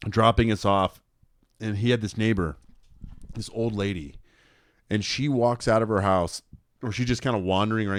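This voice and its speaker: A young man co-hosting a podcast, chatting casually and telling an animated story, quoting people in put-on voices and laughing often. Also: lowish voice, clear, resonant tone, no echo, clean studio sound. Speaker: podcast co-host.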